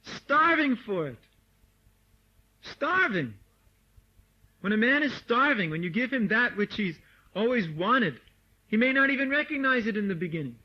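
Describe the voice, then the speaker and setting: A man giving a lively, informal lecture to devotees, mimicking people and laughing as he talks, recorded on an old tape. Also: very high-pitched, a little slow, long pauses. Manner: animated, mimics voices, laughs often. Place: meditation hall or farmhouse room. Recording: dull lo-fi 1979 tape recording.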